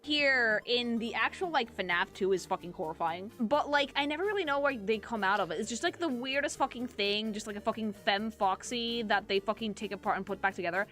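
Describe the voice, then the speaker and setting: Bright, foul-mouthed excitable streamer woman. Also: fairly high pitch, fairly quick, hardly any pauses, faint music behind. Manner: excitable, crude, swears a lot. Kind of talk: reacting to animations on stream.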